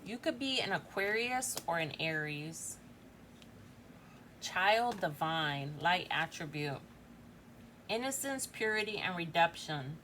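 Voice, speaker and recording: A woman's voice: lowish voice, expressive, takes it slowly, pauses often, bright, forceful tone, slight background noise. A woman in her forties giving a casual tarot reading, chatty and thinking aloud, often tagging lines with "right?". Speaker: tarot reader.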